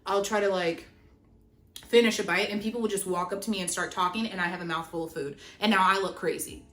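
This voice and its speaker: A young woman telling a storytime vlog, animated and chatty, with lots of "like". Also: medium pitch, fast talker. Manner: animated, chatty, heavy use of "like". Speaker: vlogger. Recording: roomy echo, faint music. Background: faint background music.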